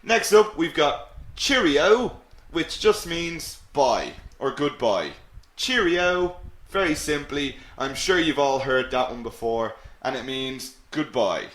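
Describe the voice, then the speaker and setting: A man's voice: mid-range voice, expressive, measured pace, roomy sound. An Irish man teaching English in a live webinar, upbeat and encouraging, repeating key phrases. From Ireland.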